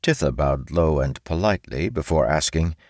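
A man narrating a fantasy audiobook in a steady storytelling manner. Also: a bass voice, normal speed, dry recording, clean studio sound.

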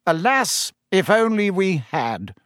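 A man's voice: high-pitched, big pitch swings, slow, fairly bright tone, dry recording, studio quality, pitched above the performer's own voice, exaggerated voice. A man doing a pompous, shaken government minister. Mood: bitter. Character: pompous middle-aged male minister, self-important but shaken.

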